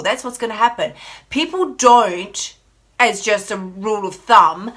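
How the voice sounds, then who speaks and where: A woman's voice: medium pitch, animated, unhurried, sharp tone. An Australian woman hosting a motivational live stream, talking in a sassy, emphatic way and reading viewer comments aloud. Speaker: life coach host.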